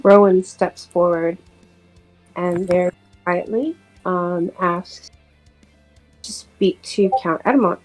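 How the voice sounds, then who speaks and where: A woman playing a character in a tabletop game, speaking in a quiet, tentative way. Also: lowish voice, slow, long pauses, faint music behind, low-quality recording. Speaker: player.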